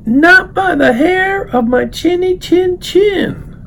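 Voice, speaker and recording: A man voicing a small, scared little pig in a storybook read-aloud, squeaky and slow. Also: animated, creaky, a bit bright, a little hiss or hum, full character voice. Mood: defiant. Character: tiny frightened little pig, high and squeaky.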